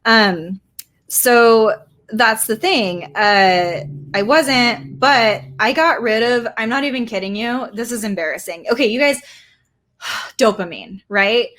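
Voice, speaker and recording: A woman's voice: fairly high pitch, takes it slowly, a bit bright. A woman artist, giving a casual live painting tutorial in a chatty, rambling way with many fillers. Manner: chatty, rambling, self-deprecating, lots of fillers. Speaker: artist teaching a workshop.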